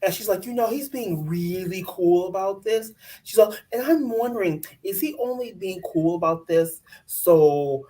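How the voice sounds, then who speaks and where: A woman's voice: medium pitch, animated, unhurried, hardly any pauses, mellow. A woman co-hosting a casual reality TV recap, ranting bluntly and in exasperation, and putting on mock voices for the people she talks about. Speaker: co-host of a reality TV recap show. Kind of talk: casual chat.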